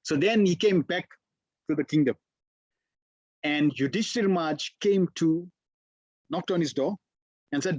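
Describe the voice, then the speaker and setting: A man's voice: fairly high pitch, a little slow, long pauses, a little mellow, no echo, dull audio. A man giving a conversational storytelling sermon as a spiritual teacher, with many fillers.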